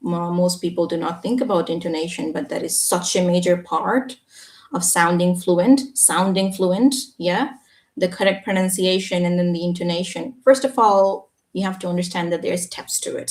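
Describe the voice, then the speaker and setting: Lady english teacher on a live stream, kinda low voice, roomy echo, sounds a bit far off, keeps saying yeah?. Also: normal speed. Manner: explanatory, often adds a checking "yeah?". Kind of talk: live Q&A reading viewer comments. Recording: echoey room, voice a bit far from the mic.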